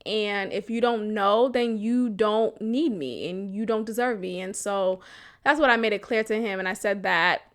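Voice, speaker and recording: A woman hosting a podcast, telling a personal story in a candid, animated way, swearing freely and laughing often. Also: mid-range voice, normal speed. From Boston area, US. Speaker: podcast host.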